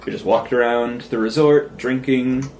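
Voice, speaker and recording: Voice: medium pitch, steady tone, a little slow, a little mellow, a little hiss or hum. A podcast co-host in casual chat, explaining things in an easygoing, rambling way.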